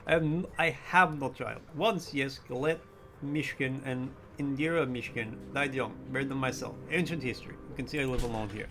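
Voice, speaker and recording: A man voicing a bitter, grieving middle-aged father who drinks too much, gruff and self-pitying. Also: medium pitch, moderate pace, natural voice. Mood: bitter weary.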